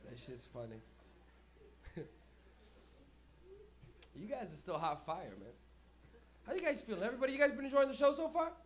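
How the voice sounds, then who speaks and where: A man hosting a comedy night, talking loosely and profanely and laughing at his own jokes. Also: high-pitched. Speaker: stand-up comedian and host. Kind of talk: stand-up comedy. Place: comedy club stage.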